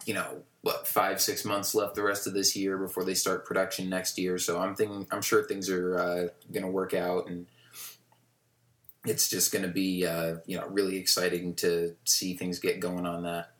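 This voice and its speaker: A man's voice: low-pitched, completely flat delivery, moderate pace, fairly bright tone. A man co-hosting a podcast in casual chat, rambling with many fillers and restarts. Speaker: podcast co-host. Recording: roomy echo.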